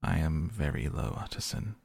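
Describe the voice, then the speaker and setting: A man's voice: extremely low pitch, animated, moderate pace, gravelly, darkish tone, husky, no echo, clean studio sound, heavily acted. A man voicing a gloomy, frightened doctor in an audiobook, speaking in a dreary, hesitant way. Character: gloomy, frightened male doctor, low in spirits.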